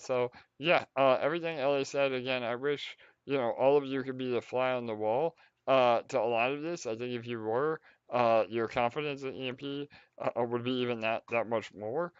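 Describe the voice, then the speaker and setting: A man hosting a casual project update on a call, halting and full of fillers. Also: mid-range voice, smooth, dry recording, lo-fi sound.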